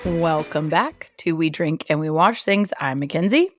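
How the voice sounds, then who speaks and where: A woman co-hosting a podcast in casual chat, wry and quick with comebacks, often laughing. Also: sits low, animated, loud music behind the voice. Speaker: podcast co-host.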